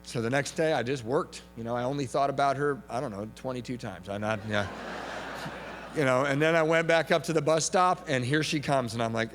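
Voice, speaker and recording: A man giving a talk at a recovery meeting, telling a story with lively comic timing and shouting some punchlines. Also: medium pitch, fairly quick. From from Southern California. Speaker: AA speaker. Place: large hall with audience. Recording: reverberant hall recording with faint hum.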